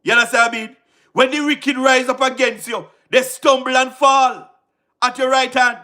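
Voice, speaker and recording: A very high-pitched male voice, level and sharp in tone, carries passionate political commentary at a moderate pace on a livestream. The speaker has a Jamaican accent and stays emphatic and repetitive, asking rhetorical questions frequently and laughing between points.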